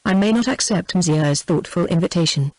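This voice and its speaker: A woman's voice: on the low side, fairly quick, darkish tone, no echo, natural voice, rough recording. A woman's synthetic text-to-speech voice reading the lines of a young French lady's maid in a storybook. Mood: plain.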